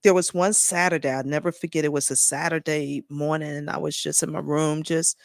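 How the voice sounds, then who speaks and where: A woman's voice: low voice, level tone, fairly quick, gravelly, no echo. A woman guest on a podcast, telling her story in an earnest, heartfelt way in a conversational interview.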